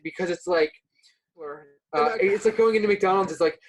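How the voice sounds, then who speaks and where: A man's voice: high-pitched, moderate pace, rough recording. A man speaking as a guest on a casual podcast, hesitant, full of "like" and "uh", often restarting his sentences. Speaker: podcast guest, subreddit moderator.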